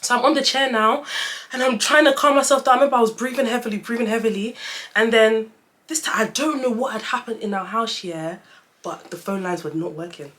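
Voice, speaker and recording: A woman's voice: on the high side, brisk. Chatty young woman telling a story. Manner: chatty, animated storytelling, addresses viewers as guys. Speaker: vlogger. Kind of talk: story-time vlog.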